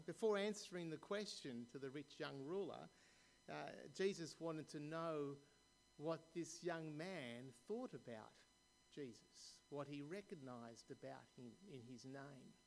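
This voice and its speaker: A man preaching a sermon, reading scripture aloud and asking the congregation questions, his voice dropping softly at the ends of verses. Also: on the high side, creaky. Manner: slow, deliberate preaching with pauses and questions to the congregation. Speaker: pastor.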